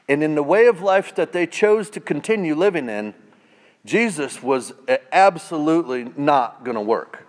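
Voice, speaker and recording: A man preaching a sermon in a casual, conversational way, swinging between hushed, intimate passages and loud, emphatic declarations. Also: a little high, in a large hall. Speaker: pastor.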